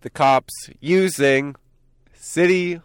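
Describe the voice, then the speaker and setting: A man's voice: fairly high pitch, drawn-out words, smooth, no echo, clean studio sound. A young man from New Jersey hosting a casual podcast outdoors, telling stories loosely with jokes and fillers. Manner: joking, loose storytelling with fillers. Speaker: podcast host. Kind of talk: casual chat. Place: outdoors by a canyon overlook.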